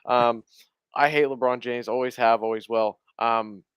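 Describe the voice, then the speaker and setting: A man's voice: medium pitch, steady tone, measured pace, clean tone. A young man co-hosting a sports podcast, blunt and opinionated in casual chat. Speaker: podcast co-host.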